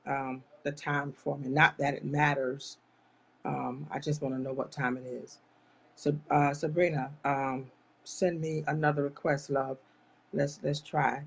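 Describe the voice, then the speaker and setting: A woman's voice: deep voice, fairly even intonation, a little slow, creaky, slightly rough. A woman hosting a live online talk show, speaking straight to her viewers in an impassioned, churchy way. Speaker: live-stream host. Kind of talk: casual live chat.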